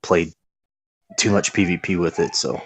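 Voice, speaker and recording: A man's voice: sits low, fairly even intonation, normal speed, slightly rough, no echo. A man appearing as a guest on a casual gaming podcast, telling stories in a laid-back, hesitant way.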